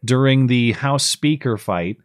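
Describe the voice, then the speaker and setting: A male host delivering political commentary in a mid-pitched voice. He talks with a sarcastic, mocking edge. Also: unhurried, no room sound, studio quality. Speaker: podcast host.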